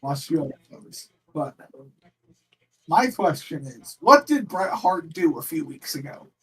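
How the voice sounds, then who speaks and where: Man, high voice, opinionated co-host, heard from a bit away from the mic. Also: a little slow, husky. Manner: opinionated, animated, laughs often. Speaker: co-host on a wrestling watch-along stream. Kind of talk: casual livestream chat. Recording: voice sits distant from the mic.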